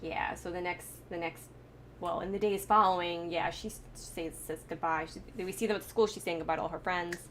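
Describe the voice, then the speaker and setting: A woman's voice: on the low side, fairly even intonation, fairly quick, fairly bright tone. Woman from the United States, host, chatty movie recap, faint hiss behind her. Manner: chatty, laughs often, many fillers and restarts. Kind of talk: casual movie reaction chat.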